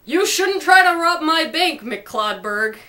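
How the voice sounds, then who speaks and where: A woman voicing a pompous male dog alien villain from the moon who blusters and shouts. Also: high voice, lively intonation, slow, voice pushed up, full character voice. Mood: smug.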